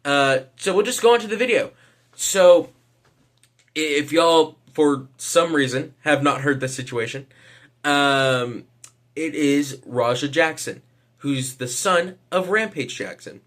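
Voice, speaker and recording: A man with a slightly high voice talks through his opinion in a loose, casual vlog. He hesitates constantly, fills pauses with "um," and swears offhandedly. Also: fairly bright tone. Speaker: vlogger.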